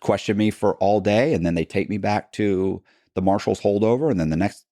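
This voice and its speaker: Low-voiced man, animated storyteller, acts out dialogue, dry close sound. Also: fairly quick, dry recording. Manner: animated, acts out quoted dialogue with pitch jumps. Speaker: podcast guest, former con man. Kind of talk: casual storytelling.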